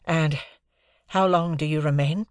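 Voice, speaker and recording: A man voicing a fearful, strained young gentleman who asks tense, pleading questions. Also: fairly high pitch, fairly even intonation, a little slow, clear, resonant tone, no echo, clean studio sound, lightly acted. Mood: anxious.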